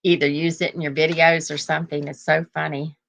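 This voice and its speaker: A woman's voice: low voice, flat delivery, a little fast, gravelly. An older woman hosting a casual live chat, rambling through stories and laughing often. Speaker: host.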